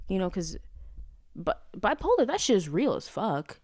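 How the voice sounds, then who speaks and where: A woman's voice: mid-range voice, wildly swooping pitch, normal speed, darkish tone, dry recording, studio quality. A young adult woman hosting her own podcast in casual, rambling chat that swears freely and keeps drifting off topic. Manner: rambling, profane, easily sidetracked. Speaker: podcast host. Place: at home, street traffic nearby.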